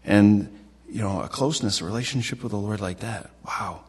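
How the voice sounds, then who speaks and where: Brief: deep-voiced man preaching in a conversational, halting way. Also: darkish tone, slightly rough. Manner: halting, repeats and restarts phrases. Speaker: pastor. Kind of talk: casual sermon.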